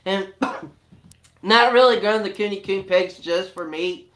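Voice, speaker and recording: A man, telling homestead stories in a casual, animated, laughing way. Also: high voice, slow pace. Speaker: family homesteader, co-host. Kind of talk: casual storytelling chat.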